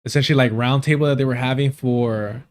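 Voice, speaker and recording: Male stream host, mid-pitched voice, loose rambling chat with frequent laughs. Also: fairly even intonation, fast talker. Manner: rambling, laughs often, swears casually. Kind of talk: casual live stream chat.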